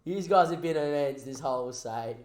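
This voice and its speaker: A young man giving excitable play-by-play commentary on a football video game, jumping between commentator-style shouts and quiet, choked-up asides. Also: medium pitch, moderate pace, roomy sound. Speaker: gaming streamer.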